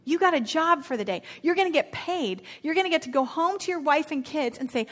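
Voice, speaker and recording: A woman teaches from the pulpit in a loose, chatty way, slipping into casual slang as she acts out the characters of a parable. Her voice sits a little high, and she moves between explaining and animated retelling. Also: a little fast, few pauses. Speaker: preacher.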